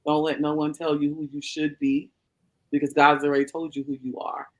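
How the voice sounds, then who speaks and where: A woman's voice: low voice, level tone, a little fast, rough recording. Woman pastor guesting on a podcast, earnest, encouraging, easygoing chat.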